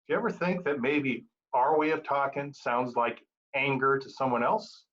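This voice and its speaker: A man giving a prepared, humorous club speech with an animated storytelling delivery. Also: medium pitch, normal speed, highs cut off. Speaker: Toastmasters speaker.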